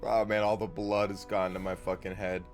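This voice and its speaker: A man's voice: lowish voice, flat delivery, normal speed, faint music behind. Profane, joking young man streaming. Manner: profane, joking, frequent laughter. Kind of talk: casual gaming livestream chat.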